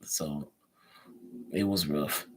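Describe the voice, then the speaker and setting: A man's voice: very deep voice, steady tone, extremely slow, fairly bright tone, slight background noise. A man with a Chicago accent hosting a casual live stream, chatting loosely and answering viewer comments as he goes.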